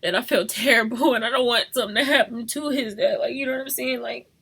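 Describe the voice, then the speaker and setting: A young woman in an emotional confessional vlog, crying and talking softly at home. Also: fairly high pitch, quick pace, breathy edge. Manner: tearful, shifting between crying, soft whispers and rueful laughs. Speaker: vlogger. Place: home at night.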